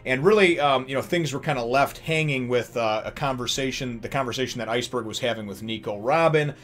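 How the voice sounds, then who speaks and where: A man's voice: medium pitch, fairly quick, fairly bright tone. Rambling, laughing manga review host, a man. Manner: rambling, chatty, laughs often, many fillers. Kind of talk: casual chapter review vlog.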